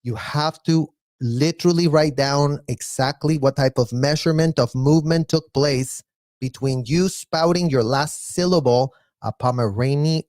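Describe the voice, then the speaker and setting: A man giving casual, blunt reaction commentary, animated and mocking, with mild profanity. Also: a little high, normal speed, dry recording, studio quality. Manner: animated, mocking, mimics others in exaggerated voices. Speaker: live reaction streamer.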